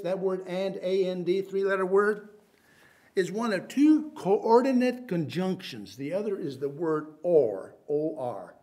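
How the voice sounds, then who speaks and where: A man preaching a sermon, swinging between loud emphatic bursts and quiet asides, using Hebrew names for biblical terms. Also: high-pitched, lively intonation, measured pace.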